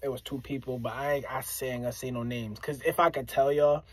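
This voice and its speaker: With slight background noise behind him, a Springfield, Massachusetts rapper speaks quickly in a mid-range voice, casually telling a story. Animated and addressing his listeners directly, he repeats himself often to drive points home.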